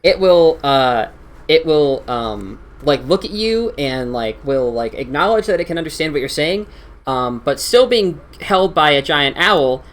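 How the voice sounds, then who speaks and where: Man, game master, rambling narration, lots of fillers, lively pitch. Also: unhurried. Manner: rambling, many fillers and restarts.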